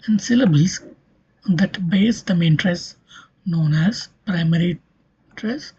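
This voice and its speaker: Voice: mid-range voice, mellow, husky, highs cut off. A linguistics lecturer giving a recorded online lesson, explaining step by step and often checking in with "okay".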